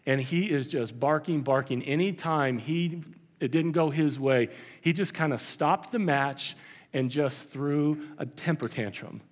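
A man's voice: fairly high pitch, unhurried. A man preaching a sermon as pastor, conversational with emphatic repetition. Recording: long hall reverb.

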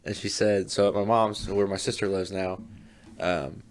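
Male podcast co-host, low voice, relaxed and jokey, easy casual banter. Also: moderate pace. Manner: laid-back, laughs often, swears casually. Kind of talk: casual chat.

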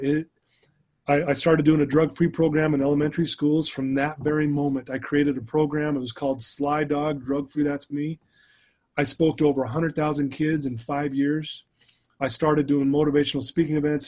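A middle-aged man, a guest life coach, telling his story in an animated, conversational way during a podcast interview. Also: fairly high pitch. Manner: animated storyteller who addresses the host by name.

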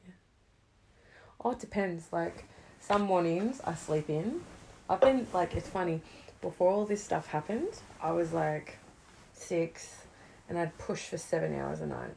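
A young woman, chatting casually, swearing a lot and swinging between loud outbursts and low mutters. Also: a little slow, gravelly, pauses often, slight background noise. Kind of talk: casual chat.

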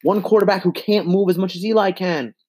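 A man's voice: sits high, a little fast, a little mellow, slightly rough. A man in his twenties giving an exasperated, profane sports rant into a handheld mic, repeating himself. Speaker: sports fan vlogger.

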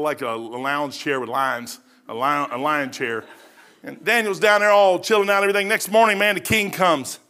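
Folksy preacher guy, bright sharp voice, goes from hushed to hollering. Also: a little high. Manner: folksy storytelling, swings from hushed to shouting; says "man" often. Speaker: pastor. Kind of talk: sermon.

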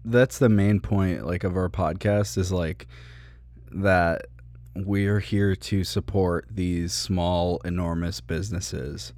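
A young man co-hosting a podcast, making dry, ironic, deadpan jokes in casual chat. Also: deep voice, slow pace, no echo. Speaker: podcast co-host.

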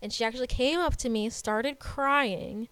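A woman's voice: a little high, moderate pace, smooth, no echo. A woman in her twenties telling a story in casual chat, with many "like" fillers. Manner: chatty, animated storytelling with laughs and "like" fillers.

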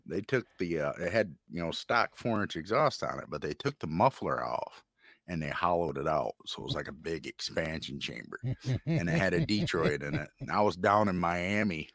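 A man's voice: low voice, lively intonation, normal speed, a bit bright, dry recording, clean studio sound. A man who drives trucks, telling profane, joking road stories in casual chat.

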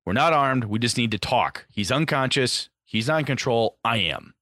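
A man voicing a male lieutenant who orders his men to lay down their arms, speaking loudly and firmly. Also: medium pitch, lively intonation, moderate pace, dry recording, studio quality, voice pushed up. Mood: commanding. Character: commanding male lieutenant calling for a truce.

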